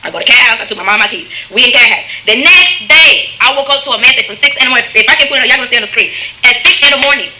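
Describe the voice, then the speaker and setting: A woman tells her own story fast and intensely, with a high, piercing, very bright voice. She talks straight at her listeners, and faint ambience sits behind her. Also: slight background noise. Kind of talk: emotional personal storytelling.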